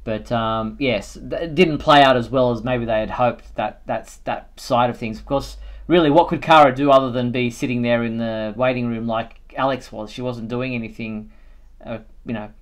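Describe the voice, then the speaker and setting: A man hosting a live fan chat show, talking in a relaxed way. He thinks aloud and leans on fillers as he goes. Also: mid-range voice, moderate pace. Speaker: host.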